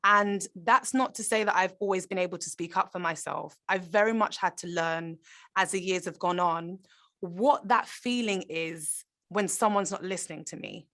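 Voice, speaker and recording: A woman's voice: lowish voice, moderate pace, a bit bright. A woman, an actor, talking in a conversational interview, earnest and reflective, often restarting her sentences. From Britain.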